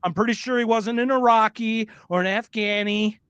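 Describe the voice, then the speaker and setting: A man co-hosting a podcast in casual chat, excitable and sarcastic, swearing often. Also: sits high, normal speed, clean tone, no room sound. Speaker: podcast co-host.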